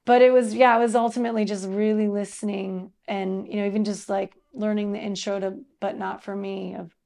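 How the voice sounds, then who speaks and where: This woman musician has a medium-pitched voice with vocal fry and talks briskly as an interview guest. Animated and chatty, she tells stories, laughs frequently and leans on many fillers.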